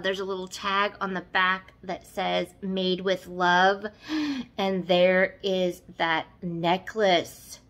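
Chatting casually while she unboxes, a woman vlogger speaks in a medium-pitched, somewhat bright voice. She is effusive throughout, gushing and exclaiming often about every item.

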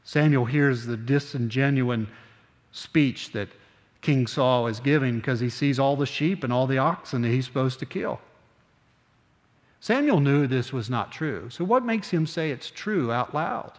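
Older guy preaching a sunday sermon, earnest, slows way down on the big lines, mid-pitched, lots of church reverb. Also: lively intonation. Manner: earnest, slows down on key phrases, conversational asides. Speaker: pastor. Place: church sanctuary.

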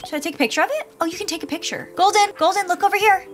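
A gaming YouTuber does let's play commentary on a cozy pet game, cooing sweetly at the puppies in baby talk. Her voice is extremely high-pitched and racing, with game music playing behind it.

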